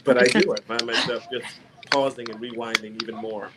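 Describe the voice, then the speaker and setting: A man actor on a panel, talking in an animated, exasperated, comic way over a video call. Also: mid-range voice, fairly quick, heavy background noise. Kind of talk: casual panel chat.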